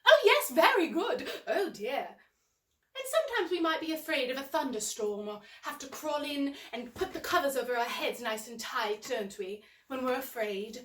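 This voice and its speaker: A woman's voice: high voice, animated, normal speed. A woman playing a cheerful, prim English nanny with an English accent, hosting a children's storytime in character, full of gasps and exclamations and coaxing young viewers at home. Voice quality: bright, gasping, exclamatory, full of "oh"s. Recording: roomy echo, voice from a distance.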